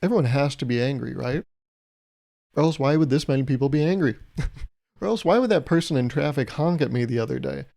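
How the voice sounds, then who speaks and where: A man's voice: medium pitch, animated, brisk, creaky, warm tone. A young man hosting a solo podcast, talking in a loose, rambling, jokey way and chuckling at his own bits. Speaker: podcast host.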